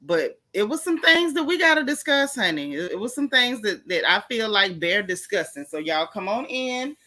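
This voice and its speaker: A woman's voice: medium pitch, sing-song, moderate pace, bright, forceful tone. A woman hosting a casual livestream, chatting in a folksy way and greeting viewers by name. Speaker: livestream host.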